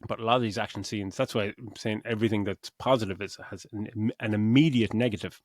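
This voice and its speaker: A man's voice: lowish voice, steady tone, quick pace, no room sound, studio quality. Middle-aged man reviewing films, swearing freely. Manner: rambling, swears freely, acts out reactions. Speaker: podcast co-host. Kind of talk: casual film review chat.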